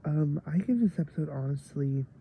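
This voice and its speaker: A man's voice: fairly high pitch, lively intonation, normal speed, gravelly, narrow, tinny audio, a little hiss or hum. A man giving a rambling casual review of a TV episode, tired late at night and full of fillers.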